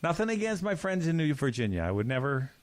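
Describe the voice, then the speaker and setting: A man's voice: fairly high pitch, sing-song, fast. Man, podcast co-host, folksy storyteller, casual chat. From Canada. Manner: folksy storyteller, jumps into put-on voices.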